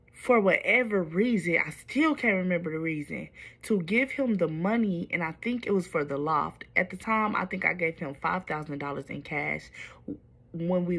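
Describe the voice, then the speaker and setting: A woman's voice: on the low side, fairly bright tone, slightly rough. A woman telling a personal storytime to her viewers, candid and confiding, with wandering asides.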